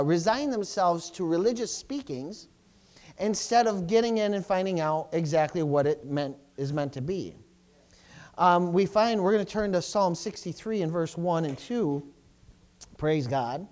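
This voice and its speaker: A male pastor preaching a sermon, asking for amens and swelling to loud, fervent cries. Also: high-pitched. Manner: preaching with call-outs for amens, rising to loud fervent crying out.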